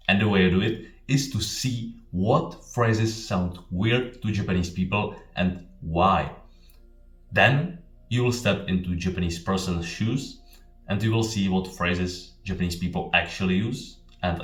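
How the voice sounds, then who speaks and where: Deep-voiced man teaching in a roomy space. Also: far from the mic. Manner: emphatic, repeats key points. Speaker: Japanese teacher. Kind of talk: explanatory language lesson. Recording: roomy, off-mic, faint music. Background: faint background music.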